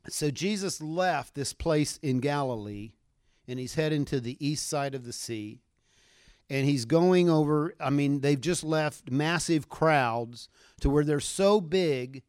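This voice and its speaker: A man preaching a sermon, retelling a scripture story with animated delivery and acting out the voices of the people in it. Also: a little high, no echo, clean studio sound. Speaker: pastor.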